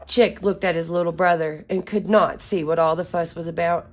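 A woman's voice: lowish voice, steady tone, moderate pace. A woman reading a children's picture book aloud in a careful, teacher-like way. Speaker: story reader for children.

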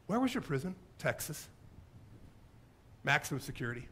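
A male pastor preaching a sermon in a church, telling a story with lively acted-out quotes. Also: on the high side, normal speed, a little hiss or hum. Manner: animated storytelling, acting out quoted voices. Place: church sanctuary.

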